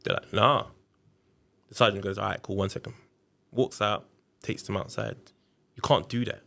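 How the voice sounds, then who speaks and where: A man's voice: fairly low pitch, moderate pace, vocal fry. A man, telling a story on a podcast in a casual, slangy way and acting out the voices of the people in it. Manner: animated, acts out quoted voices, slangy. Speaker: podcast guest.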